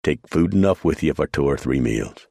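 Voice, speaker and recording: A man's voice: rumbling low, lively intonation, moderate pace, gravelly, dark tone, husky, no room sound, studio quality, heavily acted. A man voicing a blustering, bullying sergeant major, roaring orders. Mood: bellowing. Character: boisterous Irish army sergeant major, bullying.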